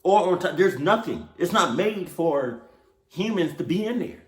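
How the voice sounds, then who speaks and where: A man's voice: high voice, expressive, a little slow. A man hosting a reaction video, talking casually with slang and swearing as he blurts out reactions. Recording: roomy echo.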